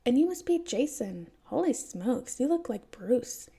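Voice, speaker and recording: A woman's voice: a little high, sing-song, unhurried, gravelly, dark tone, husky, pitched above the performer's own voice, full character voice. A woman reading a story aloud, voicing a cheerful, playful rural father who jokes theatrically with his kids. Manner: friendly, teasing, theatrical.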